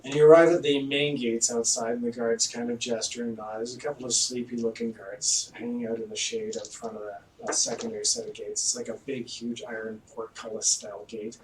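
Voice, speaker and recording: A man's voice: mid-range voice, monotone, brisk, few pauses. A man narrating a tabletop game as game master, in a casual manner with fillers. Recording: echoey room, distant mic, faint noise.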